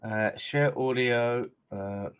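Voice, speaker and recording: A man's voice: mid-range voice, slow pace, clean tone. A man hosting a live football fan stream, chatty and loose with plenty of swearing. His voice sits in a middle register with an everyday, unforced delivery. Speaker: fan channel host.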